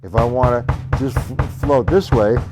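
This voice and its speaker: A man's voice: mid-range voice, unhurried, loud music behind the voice. A man giving a live-streamed drum lesson, talking bluntly and emphatically, repeating his points as he demonstrates strokes. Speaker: drum teacher. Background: drum hits.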